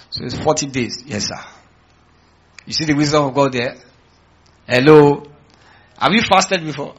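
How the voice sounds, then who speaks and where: A man's voice: mid-range voice, a bit bright, slightly rough, muffled recording. A man preaching a sermon as pastor, calling out to his congregation with questions and rallying lines. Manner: preaching with call-outs to the congregation.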